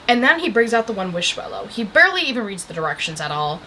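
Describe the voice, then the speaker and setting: A young woman casually recapping a movie, chatty and animated, saying "like" a lot and breaking off to talk to the camera. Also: a little high, fast talker, slight background noise, poor audio. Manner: chatty, animated, heavy use of "like"; breaks off to talk to the camera about her coffee and pillow. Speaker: vlogger reviewing a movie.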